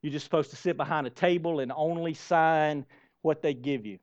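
Male pastor, fairly high voice, emphatic sermon delivery, dull lo-fi recording. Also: moderate pace, a little mellow. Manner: emphatic, storytelling with repeated phrases and restarts.

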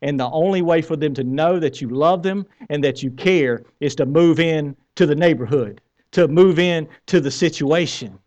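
A man's voice: a little high, normal speed, a little mellow, dull audio. A man with a Southern American accent preaching a conversational sermon, asking the congregation questions and joking at his own expense. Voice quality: bearded. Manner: conversational preaching with questions to the crowd, wry humor. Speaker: pastor.

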